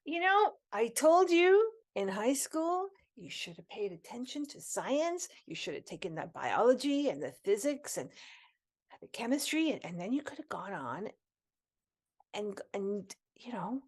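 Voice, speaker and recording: A woman in an improv comedy scene, playing an awkward, self-important researcher sister who talks haltingly with many restarts. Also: a little high, sing-song. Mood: teasing. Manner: halting, hesitant, full of restarts. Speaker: improv performer.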